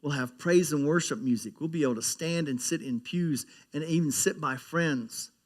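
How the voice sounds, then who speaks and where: A man's voice: a little high, normal speed. A man giving a sermon as pastor, talking in a conversational way, often repeating words and growing emphatic as he preaches.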